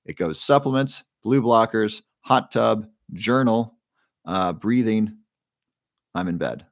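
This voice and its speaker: Low-voiced man answering a live chat. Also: slow pace, no room sound, clean studio sound. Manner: relaxed, guides breathing, reads chat names aloud. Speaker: livestream host. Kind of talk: casual livestream talk, answering chat.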